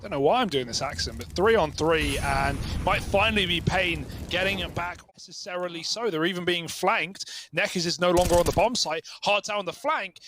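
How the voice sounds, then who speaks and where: A man's voice: high-pitched, a bit bright, slight background noise. A man commentating an esports match, playful and teasing between calls. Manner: playful, teasing, quick play-by-play. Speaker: esports caster.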